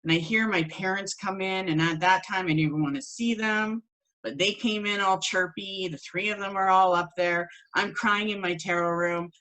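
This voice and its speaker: A woman teaching a spiritual course, telling a personal story in an animated way and acting out the voices of the people in it. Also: mid-range voice, moderate pace, low-quality recording. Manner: animated, acts out quoted voices.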